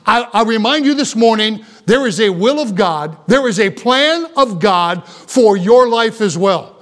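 A middle-aged pastor preaching a sermon. He has a high-pitched voice. His delivery is earnest and emphatic, and he hammers points home through repetition. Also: expressive, unhurried.

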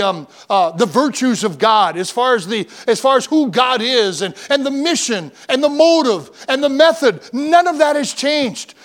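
Male pastor, high-pitched, fervent and emphatic, sermon delivery with repeated lists. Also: fairly bright tone. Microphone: church microphone, broadcast on radio.

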